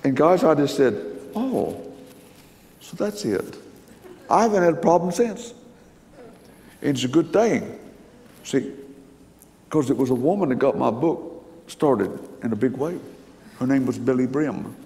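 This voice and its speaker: A man's voice: mid-range voice, animated, moderate pace, pauses often, warm tone. An older man preaching, telling stories in a folksy, emphatic way. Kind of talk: sermon storytelling. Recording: long hall reverb.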